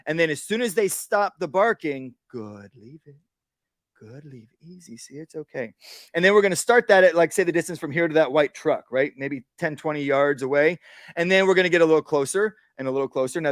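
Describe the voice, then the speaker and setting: A man's voice: a little high, fast, no echo, studio quality. A man, a dog trainer, giving a casual workshop talk outdoors and acting out what dogs and owners say.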